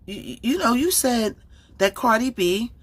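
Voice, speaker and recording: A woman's voice: on the high side, very animated, unhurried. A woman commenting casually on a livestream, rambling and distracted, with many fillers and restarts.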